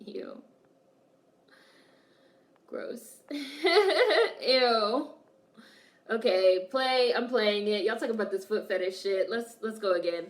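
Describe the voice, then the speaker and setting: A woman's voice: medium pitch, takes it slowly, pauses often. A woman streamer reacting to a film, chatting casually, laughing often and reading her chat aloud.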